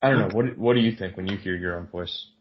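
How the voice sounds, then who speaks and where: A man co-hosts a casual podcast chat, talking in a lowish voice. He is animated and self-mocking, and he jokes readily. The audio is slightly dull and lo-fi. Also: quick pace, a little hiss or hum. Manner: animated, jokey, self-deprecating. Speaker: podcast co-host.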